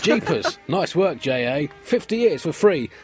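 A man voicing a very old, easily outraged former president in a comic sketch, with a high squeaky voice. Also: very animated, measured pace, soft background music. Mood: amazed. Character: shrill indignant very old man, an elderly ex-president.

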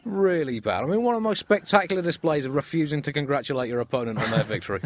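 Deadpan British man with comic outbursts. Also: fairly high pitch, rapid-fire, no room sound. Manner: dry, deadpan delivery with bursts of mock outrage. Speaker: comedy podcast host. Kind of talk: satirical comedy banter.

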